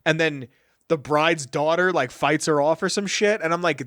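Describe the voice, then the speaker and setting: A man co-hosting a podcast, telling stories in a casual, animated and profane way. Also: on the high side, moderate pace, no room sound, clean studio sound. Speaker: podcast co-host. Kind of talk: casual chat.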